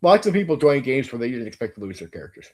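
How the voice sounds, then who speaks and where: A middle-aged man who hosts a tabletop game channel rants at a viewer in casual opinion talk. His mid-range voice is fast and sing-song, and he is blunt, profane and repeats himself.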